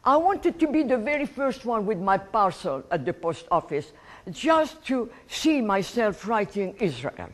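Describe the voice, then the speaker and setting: Animated elderly woman. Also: medium pitch, a little slow. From Egypt. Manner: warm and animated, laughing at her own story. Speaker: guest speaker. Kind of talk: personal life storytelling to an audience.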